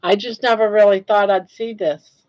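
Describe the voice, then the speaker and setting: A woman's voice: mid-range voice, steady tone, normal speed, a little mellow, poor audio. An older woman hosting a casual livestream, talking in an awed, emotional way and repeating herself. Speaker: livestream host.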